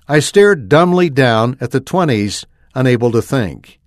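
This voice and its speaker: A man reading a first-person story aloud with an expressive delivery. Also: medium pitch, measured pace, no room sound, clean studio sound. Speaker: reader.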